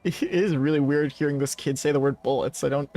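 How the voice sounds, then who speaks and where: A man's voice: a little high, fairly even intonation, brisk, mellow. A man co-hosting a podcast, chatting casually, laughing often and reading game text aloud. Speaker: podcast co-host playing a game. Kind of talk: casual let's-play chat.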